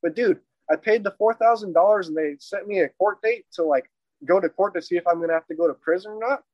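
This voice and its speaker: A man with a notably high speaking voice recounts a personal mishap in loose, profanity-laced storytelling. His delivery rambles and stays animated. The recording is dry and close, with a dull, lo-fi tone. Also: quick pace, no echo.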